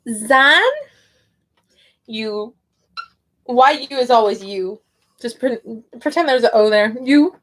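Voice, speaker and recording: Woman, online teacher, relaxed slow delivery, a little high, hesitant and careful. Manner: hesitant, sounding out names slowly. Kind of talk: casual livestream chat.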